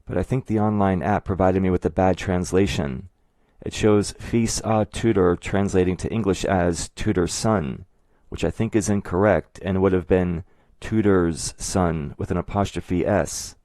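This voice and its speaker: Low, dark-voiced man explaining steadily. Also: steady tone, unhurried, dry recording. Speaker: video essayist. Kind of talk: scripted explanatory narration.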